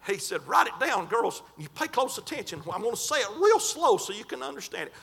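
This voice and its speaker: A man preaches a sermon in a bright, high voice. He talks folksy and fervent, his pitch leaping around as he draws out scripture lines. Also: sing-song, a little fast, hardly any pauses. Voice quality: folksy, colloquial.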